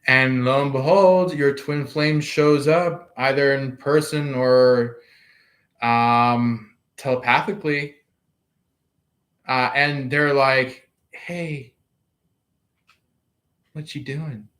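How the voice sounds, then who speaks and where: A man giving a casual tarot reading, wandering slowly through his thoughts with many fillers and dropping to a soft hush when he voices imagined people. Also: mid-range voice, fairly even intonation. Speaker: tarot card reader.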